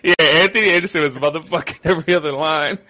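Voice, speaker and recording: A man's voice: on the high side, animated, fairly quick, pushed and bright. A man hosting a podcast in casual chat, swearing freely and laughing often as he retells scenes. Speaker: podcast host.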